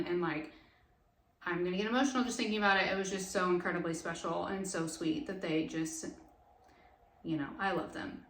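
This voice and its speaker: A woman's voice: on the low side, fairly bright tone, far from the mic. A woman hosting her own podcast, talking casually and earnestly with many fillers. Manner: earnest, chatty, lots of "like" fillers. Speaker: podcast host. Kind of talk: casual personal monologue. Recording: echoey room, voice away from mic.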